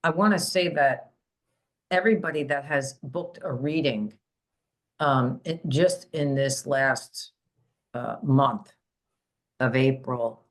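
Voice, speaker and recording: A low-voiced woman hosts a spiritual talk show as a psychic medium. She speaks casually, halting often with fillers and restarts. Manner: hesitant, many fillers and restarts.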